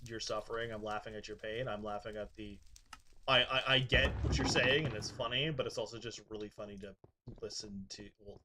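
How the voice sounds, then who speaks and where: A man's voice: medium pitch, sharp tone. A man chatting casually as he streams a game, laughing often and grumbling at it. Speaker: gaming streamer. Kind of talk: casual live-stream commentary.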